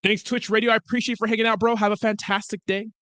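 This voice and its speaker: A man's voice: sits high, little pitch movement, very fast, a bit bright, dry recording. A young man hosting a crypto livestream, chatting casually, reading viewer comments and rambling with lots of swearing. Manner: profane, rambling, loose and chummy.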